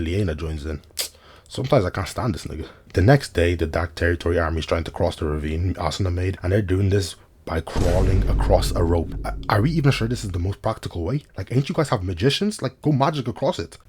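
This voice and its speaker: A man talks through an anime recap at a quick clip, his voice low and a little husky. He tosses in slangy jokes and playful asides to the audience between plot beats. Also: darkish tone. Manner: slangy, joking asides to viewers. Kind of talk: casual comedic recap commentary.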